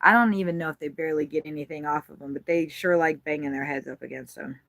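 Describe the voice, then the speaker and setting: Watching her feeders from an RV parked at a campground, the American bird vlogger keeps up a casual commentary full of giggles and swearing. Her low-pitched, gravelly voice is steady and fairly bright, moving at a quick pace in a dry recording.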